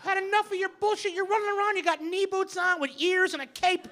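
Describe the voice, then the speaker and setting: Stand-up comic, male, 40s; loud mocking rants, high bright tone, live club recording. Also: fairly even intonation, quick pace, slight background noise. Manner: loud, ranting delivery with mocking asides. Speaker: stand-up comedian. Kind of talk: stand-up comedy set. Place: comedy club stage with audience.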